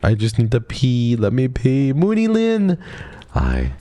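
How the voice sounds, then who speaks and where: Casual live-stream chatter comes from a man playing a horror game, playful, jumpy and eager to talk to viewers, sinking to a whisper when scared. His mid-range voice is warm and unhurried with big pitch swings, and there's no room sound.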